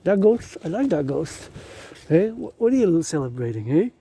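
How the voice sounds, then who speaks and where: A man walking outdoors through residential streets, rambling excitedly and chatting to the decorations he films on his phone. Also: on the high side, moderate pace, husky. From Canada. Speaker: vlogger. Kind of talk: casual walking vlog.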